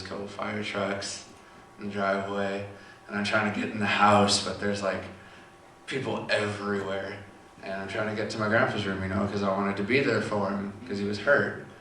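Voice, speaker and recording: A young man telling a personal story in a halting, quiet way with long pauses. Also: lowish voice, slight background noise. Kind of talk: personal testimony. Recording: echoey room from far off.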